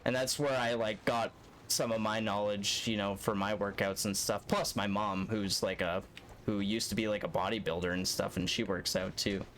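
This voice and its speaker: A man's voice: on the low side, little pitch movement, moderate pace, a bit bright, slight background noise. A young man streaming a speedrun, telling a long story in a rambling, profane, laid-back way. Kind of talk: casual storytelling while gaming live.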